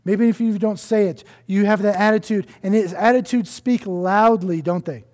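A male pastor preaching a sermon in an earnest way, often dropping to a soft hush to stress a point. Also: high voice, fairly even intonation, moderate pace.

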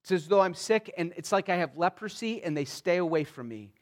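A man with a high-pitched voice delivers an expository sermon. His delivery is earnest and pleading. He drops soft and then swells with emphasis as he works through the text. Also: animated, brisk. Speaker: pastor.

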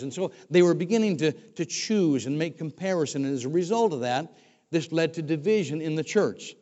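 A man's voice: fairly high pitch, expressive, a little fast, a little mellow. An older man preaching a sermon as a former pastor, conversational and often restarting his words. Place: church sanctuary. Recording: dull recording with long hall reverb.

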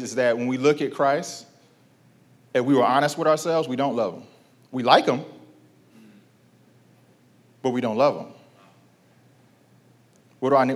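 A man in his thirties preaching a sermon, talking casually to the congregation, asking questions and repeating key lines. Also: medium pitch. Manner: conversational preaching with rhetorical questions and repetition; call-and-response with congregation. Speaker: pastor.

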